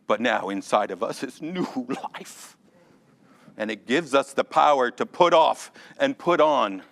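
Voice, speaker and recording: A man teaching a Sunday school Bible lesson in a lively, conversational way, calling on class members by name and joking along the way. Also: mid-range voice, measured pace. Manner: animated, addresses class members by name, jokes.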